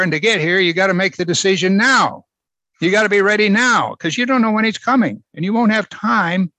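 A man's voice: a little high, bright, forceful tone, no echo. A man preaching a verse-by-verse sermon, emphatic and repeating phrases for stress. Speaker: pastor. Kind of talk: expository sermon.

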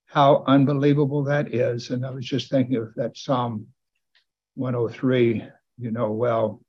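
A man preaching a sermon in a church, animated and building to exclamations and calls for amens. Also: medium pitch, unhurried, breathy edge, highs cut off.

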